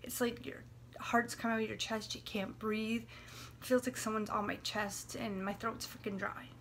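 A woman in her late twenties, talking in a personal vlog, anxious and near tears, with a dry throat, halting and often dropping to a whisper. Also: on the high side, fairly even intonation, a bit bright, a little hiss or hum. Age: 20s. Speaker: vlogger. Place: warm apartment room.

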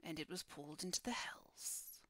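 A woman voicing a solemn female dragon guardian in a hushed, breathy whispered role-play. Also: low voice, moderate pace, dry recording.

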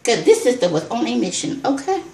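Lively woman vlogger telling a story. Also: fairly high pitch, a little fast, vocal fry, reverberant. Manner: animated, exclaims and repeats lines, addresses viewers as y'all. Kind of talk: excited personal storytelling.

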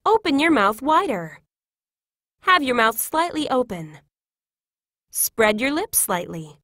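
A woman reading example classroom phrases in a clear, careful, instructive way. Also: high-pitched, sing-song, takes it slowly, a bit bright, no echo, studio quality. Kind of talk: scripted reading of example sentences.

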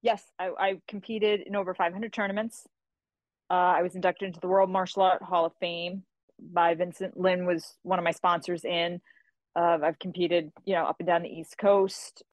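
A woman guesting on an interview show, telling stories in a lively, casual way and acting out the voices of people she quotes. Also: lowish voice, normal speed, dry recording. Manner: animated storyteller who acts out quoted voices. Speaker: guest author.

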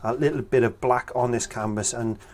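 A man's voice: medium pitch, fairly even intonation, a little fast. A man teaching a painting tutorial, chatting casually and thinking aloud as he works. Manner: chatty, thinks aloud with fillers while working. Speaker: painting instructor.

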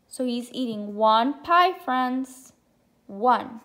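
A woman's voice: fairly high pitch, big pitch swings, takes it slowly. A woman teacher reading a picture book aloud to children, encouraging them to count along with her. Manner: encouraging, addresses listeners as friends.

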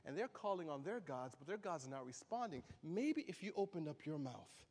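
Low soft fatherly god voice, preacher putting it on, echoey hall. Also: big pitch swings, brisk. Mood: tender. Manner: low, hushed and conversational. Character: God, a gentle fatherly male deity.

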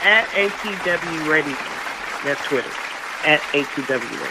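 A woman's voice: deep voice, lively intonation, moderate pace, background noise. A woman from Ohio, a guest artist talking easily in a casual interview over the phone. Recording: on the phone, music and crowd behind.

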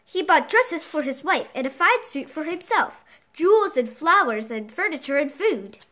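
Expressive woman storyteller, high and animated, reading a bedtime story.

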